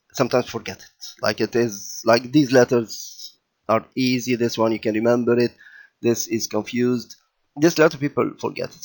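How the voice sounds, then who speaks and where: A man teaching a children's language lesson over slides, patient and deliberate, often checking in with "okay?" and restarting his phrases. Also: mid-range voice, darkish tone. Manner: patient, repeats and checks in with "okay?" and "all right?"; slow and deliberate, with fillers and restarts.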